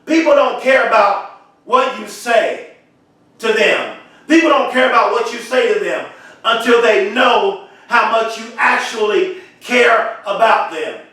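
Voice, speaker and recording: A man giving an impassioned motivational speech, repeating phrases and swelling into shouts. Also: sits high. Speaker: motivational speaker. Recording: very echoey, voice far from mic.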